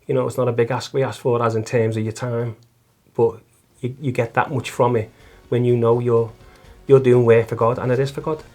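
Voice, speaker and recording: A man's voice: mid-range voice, flat delivery, brisk, hardly any pauses, darkish tone, faint music behind. A middle-aged man with a Liverpool accent, telling his faith story earnestly as an interview guest, often stumbling and repeating words. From Liverpool, England. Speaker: guest, taxi driver and volunteer listener. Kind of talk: casual testimony interview.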